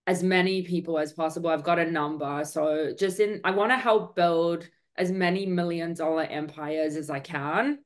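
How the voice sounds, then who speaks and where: Earnest woman guest sharing her story, a touch low-pitched, lots of "like"s. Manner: earnest, talkative, with many fillers. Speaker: entrepreneur guest. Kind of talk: candid storytelling interview.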